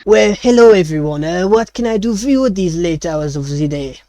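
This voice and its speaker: A man's voice: high-pitched, expressive, brisk, mellow, no echo. A man voicing a tall, lanky male chef who speaks with a put-on French accent and fumbles for words. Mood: polite.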